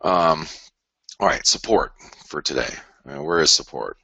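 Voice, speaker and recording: A man's voice: expressive, moderate pace, vocal fry, bright, forceful tone, slightly rough, no room sound, highs cut off. A man commenting live on currency charts in a rambling, repetitive way, often mock-quoting traders. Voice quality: very deep voice. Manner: rambling, repeats himself, mock-quotes traders. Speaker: market commentator. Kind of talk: live trading broadcast.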